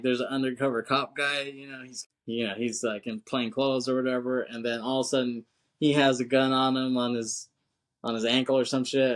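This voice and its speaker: A man co-hosting a podcast, chatting casually about a film in a laid-back, slangy way, swearing and laughing often. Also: mid-range voice. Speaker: podcast co-host.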